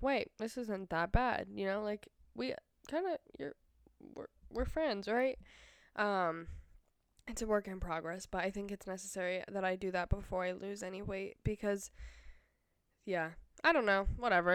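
A woman's voice: mid-range voice, smooth, no room sound, clean studio sound. A young woman rambling casually in a vlog, chatty and full of fillers, laughing often. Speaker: vlogger.

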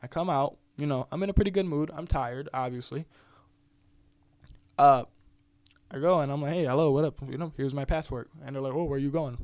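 A man's voice: a little high, fairly quick, long pauses, darkish tone, no echo. Laid-back young American man telling a story. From United States. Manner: laid-back, swears freely, laughs often. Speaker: podcast guest. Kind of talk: casual storytelling chat.

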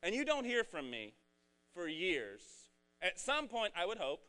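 A young male preacher in a casual, joking sermon. His voice sits high and swings widely in pitch. His delivery is animated and slangy. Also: a little slow.

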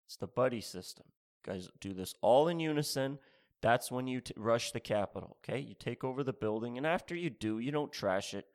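A man's voice: mid-range voice, lively intonation, a little fast. A man doing a rambling, sarcastic stand-up routine, spelling out mock instructions and repeating his phrases. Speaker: stand-up comedian.

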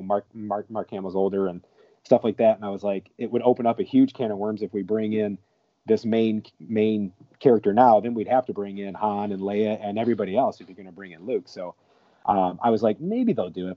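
A man in casual podcast chat, talking excitedly, often stammering and repeating his words. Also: lowish voice, no room sound. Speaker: podcast co-host or guest. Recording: dull lo-fi dry recording.

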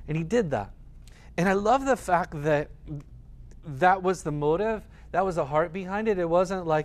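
A man's voice: on the high side, lively intonation, normal speed. A male pastor giving a sermon, reading scripture and then telling a story in a conversational way with frequent fillers and restarts.

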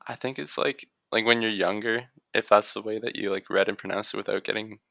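A man's voice: fairly low pitch, fairly even intonation, a little fast, gravelly, pushed and bright, no echo. A man in casual podcast chat as a co-host, thoughtful with dry wordplay.

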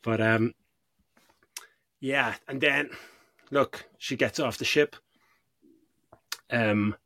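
A man's voice: medium pitch, drawn-out words, no room sound. A man co-hosting a podcast, chatting casually about a film, swearing freely and acting out scenes. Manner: animated, swearing, acts out scenes. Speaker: podcast co-host.

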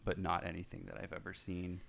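A man with a very deep, gravelly voice co-hosts a podcast. He talks in a relaxed, easy way, adding brief agreement and dry jokes as they chat casually. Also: fairly quick. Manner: laid-back, brief agreeing replies, dry joking. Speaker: podcast co-host. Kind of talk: casual film discussion.

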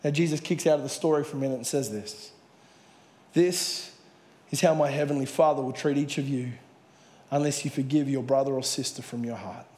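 A man's voice: medium pitch, steady tone, brisk, a little mellow. A man preaching a sermon in a church hall, earnestly retelling a Bible parable. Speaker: pastor.

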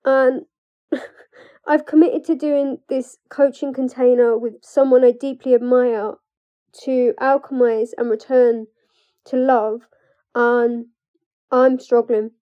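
A young adult woman, a coach, speaking candidly and emotionally in a personal vlog, halting at times and breaking into nervous laughs. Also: high-pitched, level tone. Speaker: trauma coach. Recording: dull lo-fi recording.

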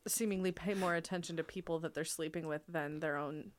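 A woman's voice: deep voice, steady tone, a little fast. A woman co-hosting a podcast, recapping a film in loose, rambling chat. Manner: rambling, many fillers and restarts. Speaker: podcast co-host.

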